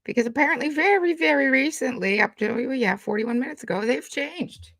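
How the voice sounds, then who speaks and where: A woman's voice: high-pitched, fairly quick, a bit bright, no echo. A woman hosting live-stream commentary, blunt and profane, talking with angry, sweary frustration. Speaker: YouTube commentary host.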